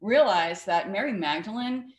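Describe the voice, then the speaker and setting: A woman's voice: mid-range voice, lively intonation, moderate pace. A woman author and cartoonist being interviewed on a talk show, talking emphatically with a storyteller's flair. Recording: echoey studio room.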